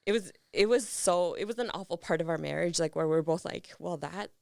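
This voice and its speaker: A woman's voice: lowish voice, fairly quick, gravelly, dry recording, studio quality. A woman guest on a podcast, telling a personal story in casual chat and acting out the lines of the people in it. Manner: animated retelling with acted quotes and laughs.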